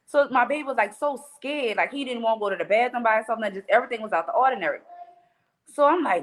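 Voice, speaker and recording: A woman's voice: fairly high pitch, fast, fairly bright tone. Blunt New Orleans woman telling stories. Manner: blunt, profane storytelling. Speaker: podcast guest. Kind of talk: casual chat.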